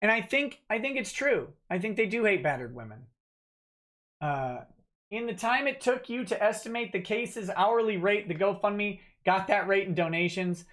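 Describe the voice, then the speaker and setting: A man's voice: high-pitched, lively intonation, moderate pace, fairly bright tone. A man hosting a livestream, reading donor messages aloud and replying off the cuff with many fillers and restarts. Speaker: livestream host reading donations. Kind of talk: casual livestream chat.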